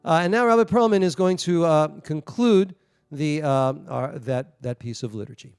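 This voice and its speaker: Brief: male rabbi on video call, smooth tone, chatty asides. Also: a little high, animated, no echo, studio quality, soft background music. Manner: halting asides with restarts. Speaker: rabbi leading a service. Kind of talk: liturgy reading and casual storytelling.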